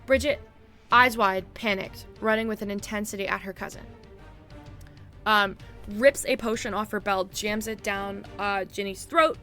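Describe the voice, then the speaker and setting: A woman acting as game master, narrating a tabletop game briskly with filler ums. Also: mid-range voice, pushed and bright, soft background music.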